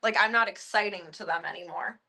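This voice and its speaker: A woman's voice: medium pitch, brisk, bright, forceful tone. A woman chatting casually on a live stream from her home, switching into cooing baby talk for her pets and making wry asides.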